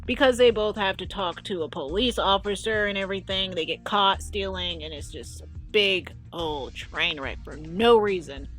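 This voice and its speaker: A woman's voice: medium pitch, moderate pace, few pauses. Woman doing a chatty reaction video, lots of "like", faint music under her. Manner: chatty, animated, lots of "like" and "oh my gosh". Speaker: video commentator. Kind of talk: casual reaction commentary.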